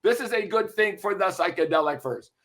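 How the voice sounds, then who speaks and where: Bright-voiced, animated older storyteller man. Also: sits high, brisk. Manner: lively, profane, keeps checking in with "right?". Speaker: music industry veteran guest. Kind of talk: animated anecdote-telling in a podcast interview.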